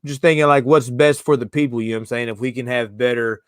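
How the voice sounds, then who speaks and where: A man's voice: medium pitch, steady tone, fast, clean tone, no echo, studio quality. A man hosting a casual live-streamed sports podcast, loose and slangy, joking with his co-host.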